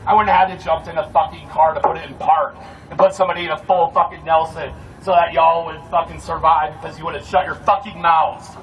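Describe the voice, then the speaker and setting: A man's voice: fairly high pitch, steady tone, fast, soft background music. A man giving a heated, profane rallying speech as protest security, outdoors on a street at night. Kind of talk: fired-up street speech to a crowd. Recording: distant mic with street noise.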